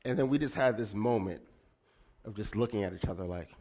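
A man's voice: on the low side, fairly quick. A young man doing stand-up, telling a story to the audience in a chatty way and often checking in with "all right?". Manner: acts out a brother's angry lines with sudden loud bursts. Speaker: stand-up comedian.

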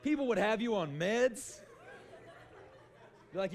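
A man preaching a sermon in an animated way, acting out little scenes, calling for amens and sometimes shouting. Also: sits high, slow, some chatter behind. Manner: animated, shouts for emphasis and acts out quotes; calls for amen often.

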